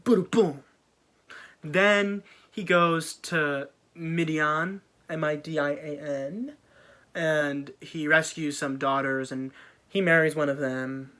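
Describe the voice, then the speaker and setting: A man's voice: on the high side, fairly even intonation, slow pace, a bit bright. Slangy man telling a comic story. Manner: slangy, jokey, offhand asides.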